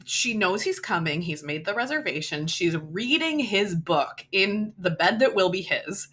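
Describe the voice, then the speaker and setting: Lower-pitched woman gushing over a romance book, bright forward voice, casual swearing. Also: expressive, a little slow, slightly rough. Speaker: podcast co-host. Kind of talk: casual chat about a romance novel.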